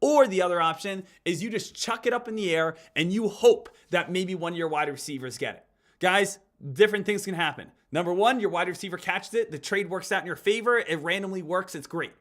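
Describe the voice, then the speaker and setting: High, bright-voiced trading streamer man. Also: fairly quick. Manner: energetic, talks straight to viewers as "guys". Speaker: live stock trading streamer. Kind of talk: live trading stream commentary.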